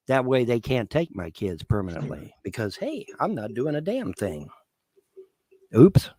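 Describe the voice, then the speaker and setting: A man's voice: mid-range voice, sing-song, moderate pace, a little mellow, no room sound. A man in his fifties on a livestream, swearing and making threats in a repetitive rant. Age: 50s.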